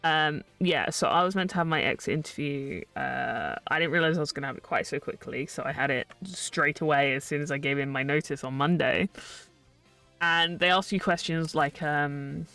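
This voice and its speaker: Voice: mid-range voice, moderate pace, bright, forceful tone, far from the mic, faint music behind. A young adult streamer chatting casually and ranting sarcastically while building, laughing often.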